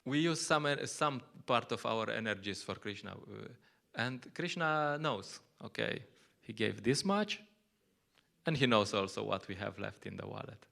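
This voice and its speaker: A man's voice: lowish voice, expressive, unhurried, gravelly, fairly bright tone. A man with Slovenian as his first language giving a conversational scripture class in English, often laughing and acting out little quotes. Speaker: lecturer at a temple.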